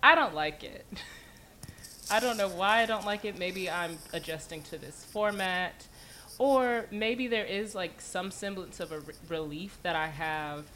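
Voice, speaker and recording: A woman's voice: lowish voice, unhurried, fairly bright tone. Thoughtful woman podcaster, faint hiss. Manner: thoughtful, hesitant, many fillers and self-corrections. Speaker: podcast co-host. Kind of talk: casual chat. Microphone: video call.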